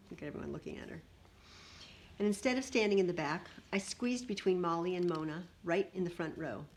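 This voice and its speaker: A woman reading a picture book aloud in an animated way, adding little asides to her listeners. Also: fairly low pitch.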